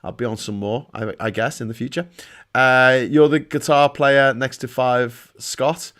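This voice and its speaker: A man's voice: medium pitch, steady tone, unhurried, a bit bright. A middle-aged man hosting a live stream, chatting casually, joking and reading out viewer comments. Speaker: livestream host.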